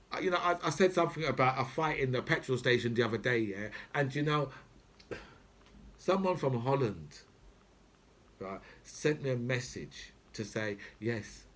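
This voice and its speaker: A man's voice: mid-range voice, expressive, moderate pace, fairly bright tone. A British man hosting his own channel, giving an angry, profane political rant to camera and tagging "right?" onto his lines. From Britain. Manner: profane, repetitive, keeps asking "right?". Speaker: channel host.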